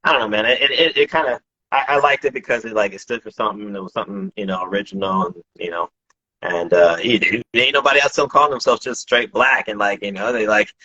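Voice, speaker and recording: Husky low-voiced man, easygoing slang. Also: steady tone, fast talker, pushed and bright, dull audio. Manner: rambling, many restarts and slang. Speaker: breakdancer guest. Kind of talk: casual interview chat.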